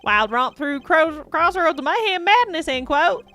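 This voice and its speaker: A woman's voice: sits high, sing-song, measured pace, bright, forceful tone, faint music behind, full character voice. A woman voicing a goofy, nerdy, pushy male reporter, reading game dialogue in a drawling, showy way with old-timey slang.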